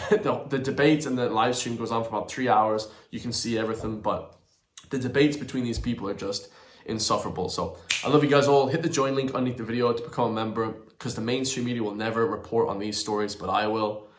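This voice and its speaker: A man's voice: mid-range voice, fast talker, a little hiss or hum. Irish man ranting in an echoey room. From Ireland. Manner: indignant, ranting, keeps addressing viewers as guys. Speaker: channel host commenting on a protest video. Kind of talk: reaction commentary to viewers.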